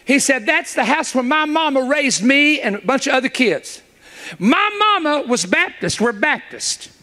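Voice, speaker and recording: A middle-aged man preaching a sermon, telling a story, acting out the dialogue and building up to shouts. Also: very high-pitched, sing-song, normal speed.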